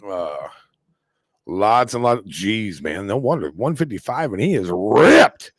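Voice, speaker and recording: Excitable man hosting a live reaction stream. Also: on the low side, no echo. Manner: excitable, rambling, quick exclamations.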